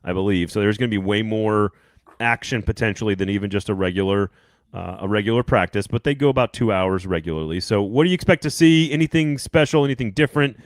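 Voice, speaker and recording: A man hosting a sports podcast, talking quickly in a loose, rambling way and cracking jokes with his co-host. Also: on the low side, no echo, studio quality. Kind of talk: casual sports chat.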